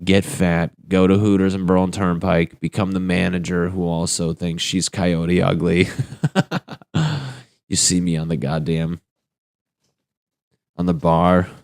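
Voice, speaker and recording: Deep-voiced young man ranting crudely. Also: little pitch movement, unhurried, long pauses, darkish tone, dry recording, studio quality. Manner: crude, rambling, laughs at his own jokes. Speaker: podcast host. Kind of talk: solo comedic rant.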